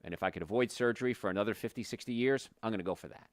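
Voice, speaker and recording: A man with a low voice hosts a health talk show as a chiropractor, speaking with blunt, passionate conviction. He gets heated and then settles back into plain explanation. The recording is dry and close, with no room sound. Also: racing, few pauses, no echo. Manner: passionate, opinionated, gets worked up then calms down.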